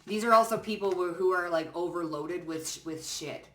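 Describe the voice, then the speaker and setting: A woman reads tarot cards in a loose, conversational way, dropping casual swears and checking in with her listeners. Her voice sits fairly low. She is heard a little away from the mic in a roomy, echoing space. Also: moderate pace, distant mic. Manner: chatty, swears casually, frequent "okay?" and "you know what I'm saying?". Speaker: tarot card reader. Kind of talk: casual pick-a-card tarot reading.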